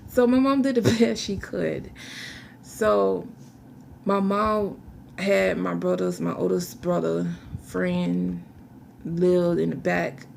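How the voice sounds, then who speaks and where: A young woman giving an emotional personal testimony to a camera, halting and searching for words while fighting back tears. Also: fairly low pitch, fairly even intonation, gravelly, a little mellow, slight background noise. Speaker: vlogger telling her life story.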